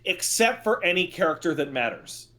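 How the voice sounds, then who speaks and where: A man's voice: high voice, very animated, moderate pace, bright, forceful tone. A man co-hosting a podcast in casual chat, riffing with profane exasperation. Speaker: podcast co-host.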